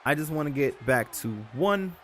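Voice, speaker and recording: A man's voice: a little high, animated, normal speed, a bit bright. A young man hosting his own channel, talking in a loose, rambling way, full of fillers and self-corrections. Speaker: YouTube host. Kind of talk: casual rambling commentary.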